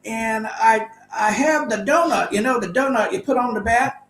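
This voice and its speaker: A man's voice: very high voice, moderate pace, fairly bright tone, faint music behind. An older man, a former ballplayer, telling stories casually over a video call, rambling and chuckling. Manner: rambling anecdotes, chuckles often. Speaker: guest, former baseball player. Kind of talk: casual storytelling. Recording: echoey room.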